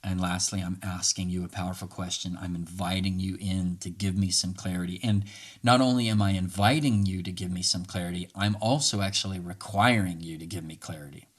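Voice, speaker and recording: Low-voiced man coaching on conversation. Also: fairly even intonation, brisk, slightly rough. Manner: earnest, coaching, acts out sample dialogue. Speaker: podcast host. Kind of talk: casual teaching monologue.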